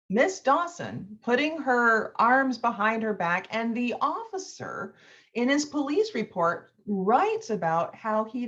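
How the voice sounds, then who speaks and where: A woman's voice: a little high, dull audio. A woman law professor giving an impassioned lecture, telling a story with rising emphasis.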